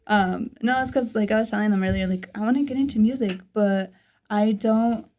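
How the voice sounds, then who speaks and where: A young woman with a raspy voice hosting a casual podcast chat, laughing often and swearing freely. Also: mid-range voice, a little fast, dark tone. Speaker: podcast host.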